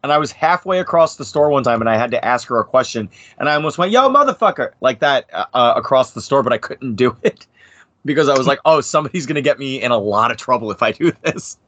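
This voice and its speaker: Speaking fast at a medium pitch, this New Jersey man in his thirties talks as a podcast guest in a casual chat. He has an American accent, curses frequently, wanders through his stories, and throws in lively impressions. There's no room sound on the audio.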